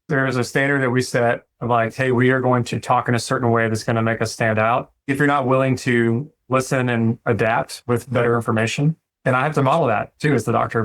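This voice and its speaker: A man, a dentist talking through running his practice in a relaxed, reflective way and acting out conversations with his staff. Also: mid-range voice. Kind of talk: casual interview talk.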